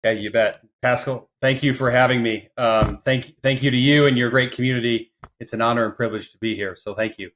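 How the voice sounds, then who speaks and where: Male interview guest from the Midwest, lively storyteller who mimics the people he quotes, medium pitch. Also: fairly quick. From American Midwest. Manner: animated storyteller who acts out quoted voices. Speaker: podcast guest.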